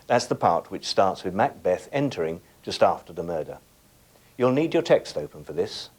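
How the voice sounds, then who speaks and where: A middle-aged male teacher presents a scripted lesson, speaking straight to the viewer and handing out tasks. His voice is low and slightly husky. His pitch rises and falls freely as he guides the class. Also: big pitch swings, normal speed, darkish tone. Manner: instructive, addresses viewers directly with tasks.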